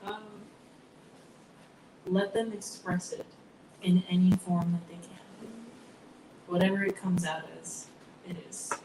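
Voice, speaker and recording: A lower-pitched woman speaking quietly and reflectively as a guest, now and then dropping almost to a whisper. She sounds distant from the mic in a roomy space, with clear background noise. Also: fairly even intonation, slow pace, pauses often. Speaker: guest singer-songwriter. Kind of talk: casual interview chat. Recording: echoey room from off-mic, noisy background.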